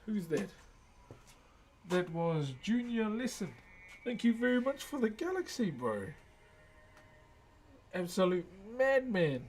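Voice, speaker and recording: A man's voice: sits high, a little mellow. A man, chatting casually on a live stream and thanking viewers as he works. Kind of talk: casual live-stream chat while working.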